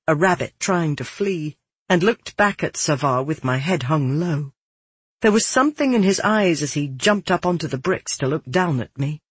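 An audiobook narrator reading a first-person fantasy story in a steady, earnest way. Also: mid-range voice, breathy edge, no room sound.

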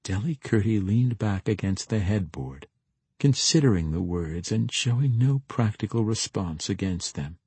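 A man narrating a fantasy novel as an audiobook, in measured storytelling, lightly voicing the characters. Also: lowish voice, lively intonation, a little mellow, slightly rough, no echo.

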